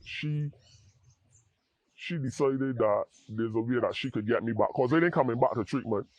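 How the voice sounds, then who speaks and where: A man speaks in a dry, close voice with an earnest, halting delivery. He often restarts and repeats words as he works through a personal testimony. His pitch sits in an ordinary middle range for a man. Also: a little mellow, no echo. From Barbados. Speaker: interview guest in addiction recovery.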